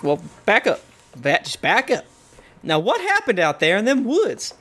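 A man voicing a gruff small-town constable with a put-on Southern US drawl and folksy country slang. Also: sits high, huge pitch swings, measured pace, fairly bright tone, pitched above the performer's own voice, exaggerated voice.

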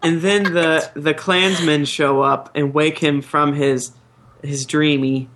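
A man's voice: fairly high pitch, fairly even intonation, takes it slowly, a bit bright. A man co-hosting a casual podcast chat, retelling story scenes in a laid-back way with frequent laughs. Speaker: podcast co-host.

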